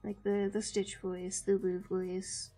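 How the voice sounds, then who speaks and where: A woman's voice: mid-range voice, flat delivery, slow, warm tone, faint music behind. A woman player in a tabletop game, chatting casually with brief, laid-back replies. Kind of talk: casual chat on a voice call.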